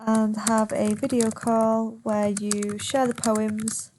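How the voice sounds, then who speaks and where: A woman teaching a recorded online lesson, calmly explaining step by step and drawing out words to show their stress. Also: on the high side, takes it slowly, slight background noise.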